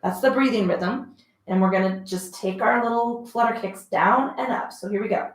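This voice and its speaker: Woman, pilates instructor, chatty encouraging cues, breathy effort, mid pitch, roomy echo. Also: moderate pace. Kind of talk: guided workout instruction. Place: home room, dogs heard about.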